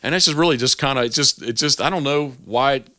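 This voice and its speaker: A man's voice: quick pace, no echo, clean studio sound. A man in his forties, a hunting guide, telling stories in a casual interview and acting out the quoted dialogue. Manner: animated, acts out quoted dialogue with big pitch jumps. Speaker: waterfowl hunting guide, guest.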